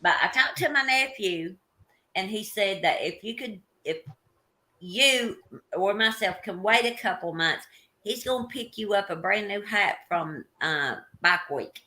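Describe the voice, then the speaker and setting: A woman's voice: medium pitch, expressive, unhurried, bright, forceful tone. A woman chatting in a friendly way in a casual group chat, telling a story.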